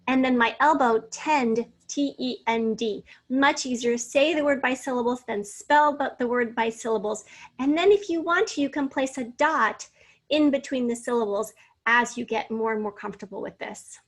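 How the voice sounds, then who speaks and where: A woman teacher giving a recorded spelling lesson to fifth graders, patiently sounding out syllables and spelling out letters. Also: a little high.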